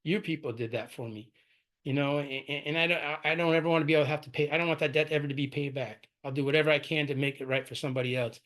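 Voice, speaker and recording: A man tells his recovery story at a brisk, rushing pace in a somewhat high voice. He rambles in an easy conversational way and keeps tossing in "right?" and "man" as he goes. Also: steady tone, fairly bright tone. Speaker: AA speaker sharing his story. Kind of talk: personal recovery talk.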